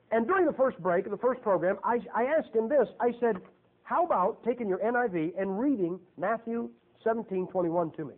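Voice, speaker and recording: A man preaching a folksy, emphatic sermon, throwing rhetorical questions at his audience. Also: high-pitched. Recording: tinny, phone-like sound.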